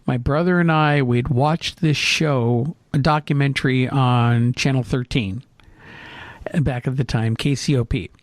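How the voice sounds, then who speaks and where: A middle-aged man telling a story in casual chat, with lively restarts and fillers. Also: medium pitch, a little slow, no room sound. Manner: animated anecdote, hesitant fillers. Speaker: co-host.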